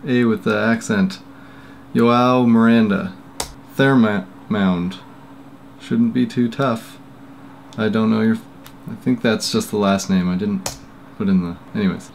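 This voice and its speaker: A man's voice: mid-range voice, slight background noise. A man casually reading out a list of names in a workshop vlog, stumbling over pronunciations with self-deprecating asides. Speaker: maker YouTuber.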